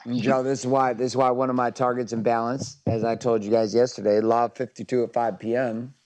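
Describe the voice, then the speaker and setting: A man's voice: mid-range voice, flat delivery, fairly quick, darkish tone. A man coaching a group in an intense, emphatic motivational talk, swearing freely.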